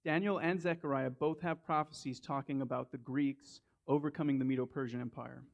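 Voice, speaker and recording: A man's voice: medium pitch, fairly even intonation, a little fast, vocal fry. A man with a Southern US accent preaching a sermon in a conversational way, restarting and repeating words as he goes. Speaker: lay preacher. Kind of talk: sermon with a personal story.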